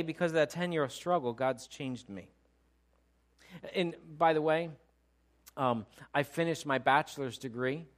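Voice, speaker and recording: A middle-aged man preaching a sermon as pastor, swinging between loud emphatic preaching and quiet personal storytelling. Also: mid-range voice, animated, normal speed.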